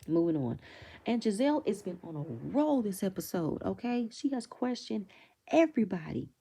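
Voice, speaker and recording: A woman's voice: mid-range voice, big pitch swings, moderate pace, creaky, warm tone, slightly rough. A woman giving a blunt, opinionated recap of a reality TV episode, swearing freely and acting out quotes in raised voices. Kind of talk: casual recap commentary.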